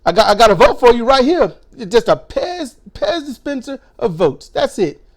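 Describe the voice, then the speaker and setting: High-voiced guy in his 40s, voice all jacked up and hoarse, cussing sarcastic rant. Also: sing-song, brisk. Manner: profane, sarcastic, mocking voices. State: voice strained, hoarse. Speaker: political commentary vlogger. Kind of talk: ranting monologue.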